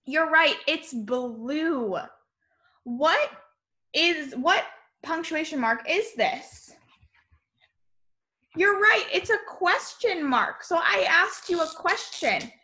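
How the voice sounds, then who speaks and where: A young woman teaching small children over a video call, her cheerful, sing-song voice sitting a little high and sounding bright and clear. She takes her time, spelling words out letter by letter. It has the plain sound of a computer mic. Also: animated, takes it slowly, long pauses. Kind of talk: online class lesson for young children.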